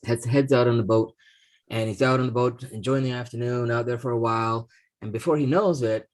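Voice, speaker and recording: A man co-hosting a talk show, telling a story in a casual, halting way, full of restarts, and acting out the people in it. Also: mid-range voice, fairly even intonation. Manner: halting, many restarts and fillers, acts out the voices in his story. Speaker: podcast co-host.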